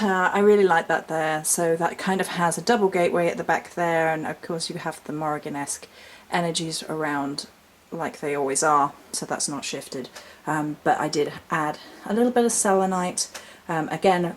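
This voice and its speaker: A woman with a low voice, talking casually as she shows her home altar. She rambles gently and chattily, drifting into little asides. A faint hiss sits under her voice. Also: moderate pace, hardly any pauses. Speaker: witch vlogger showing her altar. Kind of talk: casual spoken vlog.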